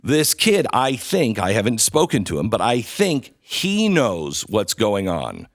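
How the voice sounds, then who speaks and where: Animated male host, dry studio. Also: lowish voice, unhurried, dry recording. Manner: animated storytelling, acts out quoted voices. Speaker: show host. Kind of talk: commentary, retelling video clips.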